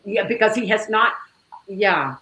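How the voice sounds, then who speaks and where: A woman speaking as an interview guest, telling a personal story in an animated, exclamatory way and laughing often. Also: mid-range voice, slow pace, low-quality recording.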